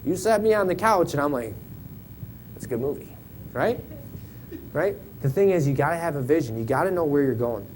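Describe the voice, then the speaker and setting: A man in his thirties gives a casual, joking sermon from a church pulpit. He talks in a folksy way and keeps checking in with "right?". A faint low rumble sits under the recording. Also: lively intonation, a little fast, a little mellow, low-quality recording. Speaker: church member preaching. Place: church sanctuary.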